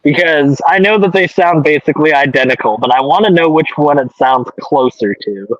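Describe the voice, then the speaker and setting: A man talks in a playful, joking way in a fairly high voice. His call audio is dull, lo-fi and dry, with no room sound. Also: brisk, dry recording. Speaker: call participant.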